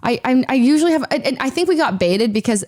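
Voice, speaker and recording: Animated young woman telling a story. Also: fast. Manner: animated, breathless retelling with sudden high-pitched exclamations. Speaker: streamer. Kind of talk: casual storytelling to a stream chat.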